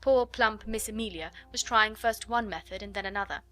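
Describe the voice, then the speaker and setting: A woman's voice: medium pitch, a little fast, fairly bright tone. A woman narrating a classic children's novel as an audiobook reader, telling it expressively. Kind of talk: scripted narration.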